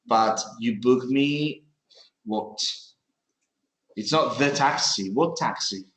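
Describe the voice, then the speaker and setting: Slow, patient male English teacher. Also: mid-range voice, a bit bright, reverberant, rough recording. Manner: patient, explains slowly with examples. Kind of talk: classroom grammar correction. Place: classroom.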